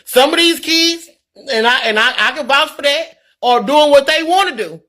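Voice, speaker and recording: A middle-aged woman on a live stream reads viewer comments in a high, fairly bright, animated voice at a moderate pace. She's candid, earnest and preachy, repeating words as she gets worked up.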